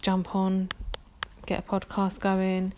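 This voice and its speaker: A woman's voice: mid-range voice, completely flat delivery, slow pace, dark tone. A woman in her thirties with a London accent, chatting casually on her own podcast, rambling and self-deprecating with many ums. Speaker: podcast host. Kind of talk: casual solo podcast chat.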